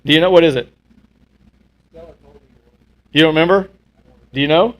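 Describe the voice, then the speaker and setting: A man with a somewhat high voice hosts a relaxed talk show. He tells jokey, rambling stories full of quick asides. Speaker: podcast host. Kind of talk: casual chat.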